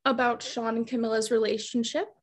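Female co-host, high voice, laughs easily, flustered casual video-call chat. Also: flat delivery, brisk. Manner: giggly, flustered. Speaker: podcast co-host.

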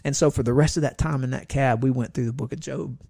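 A middle-aged pastor tells a story in a relaxed chat, slipping into the voices of the people he quotes. His voice has a gravelly rasp, and it is recorded dry and close to the mic. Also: mid-range voice, fast, no room sound.

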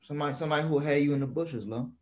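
A man with a northern US accent, co-hosting a casual chat in a teasing, animated way. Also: on the high side, rapid-fire. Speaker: podcast co-host.

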